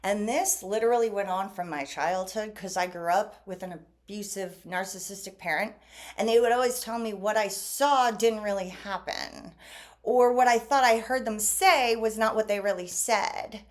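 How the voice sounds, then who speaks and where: A woman vlogger talking casually to camera, animated, acting out quoted exchanges as she goes. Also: mid-range voice, moderate pace.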